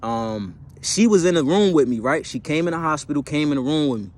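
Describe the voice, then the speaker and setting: A man's voice: on the high side, expressive, fairly quick. A man in his twenties casually telling a personal story, slangy and profane, rambling with fillers and self-corrections.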